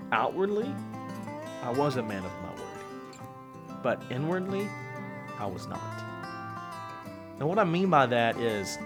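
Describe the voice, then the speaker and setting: Earnest male motivational coach. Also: a little high. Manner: earnest, conversational, repeats phrases for emphasis. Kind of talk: motivational monologue to camera.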